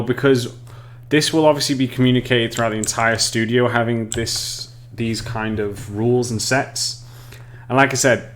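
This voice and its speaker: English man, streamer and tutor, rambling friendly delivery, keyboard typing behind. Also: medium pitch. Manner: chatty, reads chat aloud, frequent restarts and laughs. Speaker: streamer teaching level design. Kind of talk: casual live-stream tutorial.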